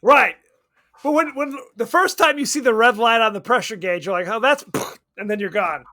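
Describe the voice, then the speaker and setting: A man co-hosting a podcast, telling a movie's story in a casual, animated way with cursing and laughter. His voice sits high for a man. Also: normal speed. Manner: loose and profane, animated retelling with laughs. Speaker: podcast co-host. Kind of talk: casual movie recap chat.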